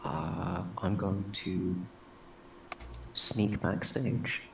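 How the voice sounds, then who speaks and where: Deep gravelly man joking at the game table. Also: steady tone, very slow. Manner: laid-back, joking. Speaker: player. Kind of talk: casual game chat. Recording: distant mic with faint hiss.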